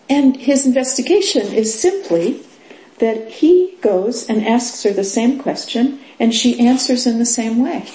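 Woman giving an unhurried Zen talk. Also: a little high, animated. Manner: unhurried, warm laughter, frequent fillers. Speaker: Zen teacher. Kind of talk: dharma talk. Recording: roomy echo.

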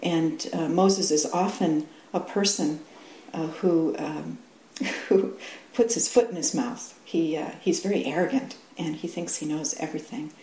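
Soft-spoken woman giving a dharma talk. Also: low-pitched. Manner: halting, many restarts and fillers, laughs often. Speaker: dharma teacher. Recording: echoey room with faint hum.

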